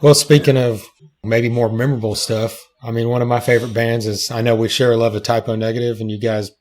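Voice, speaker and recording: A man hosting a podcast, asking casual interview questions in a relaxed way. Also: mid-range voice, quick pace. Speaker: podcast host.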